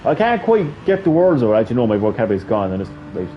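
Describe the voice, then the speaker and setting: A man's voice: mid-range voice, big pitch swings, quick pace, muffled recording, a little hiss or hum. Tired Irish man rambling casually. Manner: rambling, swears freely, mocking quoted voices. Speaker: gaming channel host.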